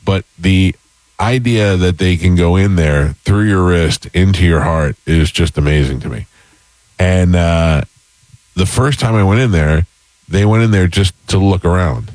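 Male host, low voice, dry close sound, rambling anecdote style. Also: a little slow, a little mellow, no room sound, low-quality recording. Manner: rambling storyteller, many fillers and restarts. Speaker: podcast host. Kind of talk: casual chat.

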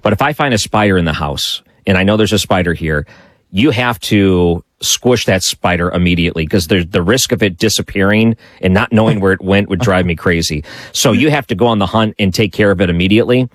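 Man, radio talk host, very low pitch, dry close studio sound, conversational, takes callers. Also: brisk, no echo. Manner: chatty, musing out loud, taking calls. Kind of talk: late-night call-in radio talk.

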